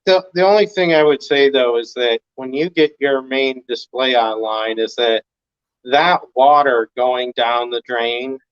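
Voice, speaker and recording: Man giving relaxed advice over dull call audio. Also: medium pitch, measured pace, smooth, no echo. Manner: relaxed, reassuring, restarts. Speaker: guest on a video call. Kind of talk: casual advice chat.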